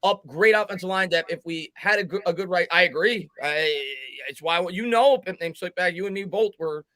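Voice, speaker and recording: A man hosting a live sports reaction stream, calling plays and reading viewer comments aloud with quick, halting restarts. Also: high voice, bright, forceful tone. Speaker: host doing play-by-play.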